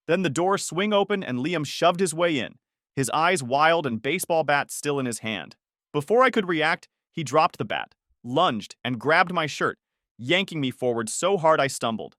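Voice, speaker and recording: A man's voice: a little high, lively intonation, moderate pace, fairly bright tone, no room sound, clean studio sound. A man narrating a first-person story in a tense, dramatic way.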